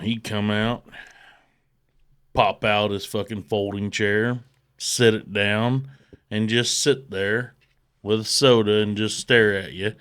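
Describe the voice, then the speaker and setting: Smooth-voiced man, profane and rambling. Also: medium pitch, fairly bright tone, no room sound, clean studio sound. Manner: profane, rambling, mimics quoted speech. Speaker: podcast guest. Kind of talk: casual storytelling.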